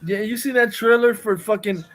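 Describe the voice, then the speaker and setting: A man co-hosting a casual podcast, laid back, swearing and chiming in with quick agreement. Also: sits high, fairly bright tone, no room sound. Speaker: podcast co-host. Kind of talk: casual chat.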